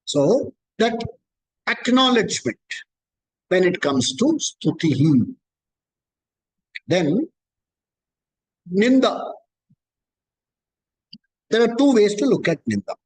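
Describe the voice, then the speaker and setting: High-voiced man teaching scripture. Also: big pitch swings, slow, pauses often, slightly rough, rough recording. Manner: patient, explanatory, repeats key points. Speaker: spiritual teacher. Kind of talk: scripture discourse.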